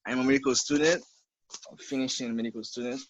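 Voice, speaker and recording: A man's voice: mid-range voice, steady tone, fast talker. Man on a muffled distant call. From Haiti. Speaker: medical student. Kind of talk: video call self-introduction. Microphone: video call. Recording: dull lo-fi call audio.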